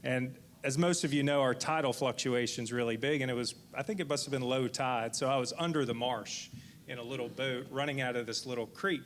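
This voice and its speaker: A man in his forties, a fishing guide on a panel, telling a lively anecdote full of restarts. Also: medium pitch, brisk, a little hiss or hum. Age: 40s. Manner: rambling, lively retelling with frequent restarts. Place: indoor event venue.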